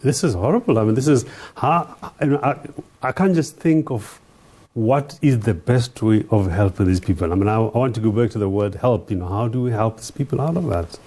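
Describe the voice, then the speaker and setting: A man's voice: fairly low pitch, animated, a little fast, warm tone. A man hosting an interview, asking questions with hesitant, stumbling restarts. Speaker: interviewer host.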